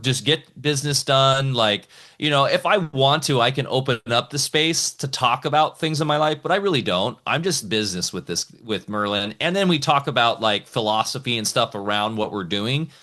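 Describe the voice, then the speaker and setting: Man, mid-pitch, podcast guest; eager, rambling, casual. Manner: excited, rambling, talks in bursts with many restarts.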